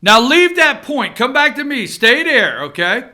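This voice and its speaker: A man hosting an opinion show from an office room, giving animated political commentary with sarcastic asides and repeated phrases. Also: extremely high pitch, measured pace.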